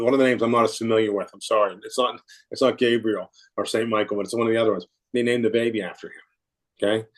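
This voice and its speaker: A middle-aged American man telling a story in a casual interview, chuckling often and restarting his sentences. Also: on the low side. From United States. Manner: warm anecdotal, laughs often, many restarts. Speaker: podcast guest.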